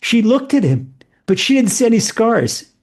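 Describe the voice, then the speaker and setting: Animated man giving a storytelling lecture. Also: very high-pitched, normal speed. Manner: animated, repeats and restarts words often. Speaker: rabbi. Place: room with a live audience.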